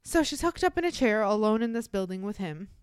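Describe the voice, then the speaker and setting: A woman's voice: medium pitch, expressive, brisk, smooth, no echo, clean studio sound. A young woman co-hosting a podcast, telling a true-crime story in casual, blunt, profane talk full of fillers. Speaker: podcast co-host.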